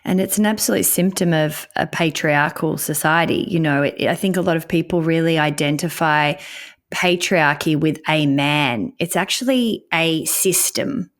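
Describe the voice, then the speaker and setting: A woman's voice: sits low, normal speed. A woman hosting a podcast conversation, speaking in an earnest, advocating way. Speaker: podcast host.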